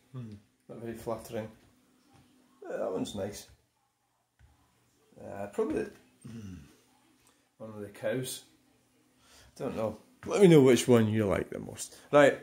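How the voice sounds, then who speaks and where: A man's voice: medium pitch, a little mellow. An older man with a Scottish accent giving a casual, rambling channel update, muttering and swearing bluntly.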